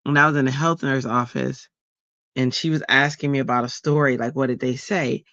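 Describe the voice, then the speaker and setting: A man's voice: medium pitch, steady tone, a little fast, pushed and bright, no echo, lo-fi sound. A middle-aged man hosting a crafting livestream, chatting casually, telling stories with animation and laughing often.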